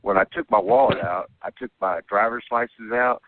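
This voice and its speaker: Deep-voiced guy calling in, rambling story, keeps saying okay, tinny dry phone line. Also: fairly quick, no room sound. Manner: keeps tagging "okay?" and "you know". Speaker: caller telling an abduction story. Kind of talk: rambling first-person account.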